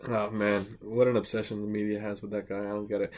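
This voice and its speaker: A man's voice: fairly low pitch, flat delivery, fast talker, a little mellow. A young man co-hosting a podcast, rambling crudely in casual banter with laughing asides. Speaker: podcast co-host.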